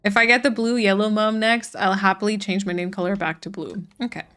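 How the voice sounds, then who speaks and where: A woman's voice: medium pitch, steady tone, a little fast, a bit bright. A woman streaming a farming game, chatting casually with her viewers while she plays. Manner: chatty, reads and answers chat while playing. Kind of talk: casual gaming livestream chat.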